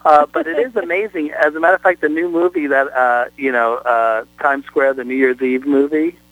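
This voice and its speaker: A man's voice: on the high side, normal speed, fairly bright tone, no echo, rough recording. A man talking as a brand spokesperson guest on a talk show, effusive and salesy with many fillers. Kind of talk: call-in talk show interview.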